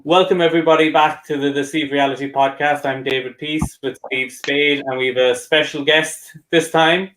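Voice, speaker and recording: A man hosting a podcast in relaxed, casual chat and laughing easily. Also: a little high, moderate pace, few pauses, a little hiss or hum. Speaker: podcast host. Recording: echoey room.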